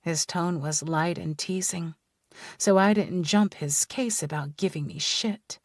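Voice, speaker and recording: A woman narrating a romance audiobook in the first person, in a measured storytelling manner. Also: on the low side, no room sound, studio quality.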